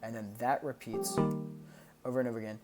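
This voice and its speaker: A man's voice: medium pitch, flat delivery, fairly quick. A man streaming a casual breakdown of his own songs, explaining loosely with lots of fillers and sung sound effects. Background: loud music playing from the track.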